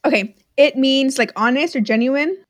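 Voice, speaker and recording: High-voiced playful woman podcast host. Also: normal speed, dry recording, clean studio sound. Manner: playful, giggly, jokes then says she is kidding. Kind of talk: casual chat, slang guessing game.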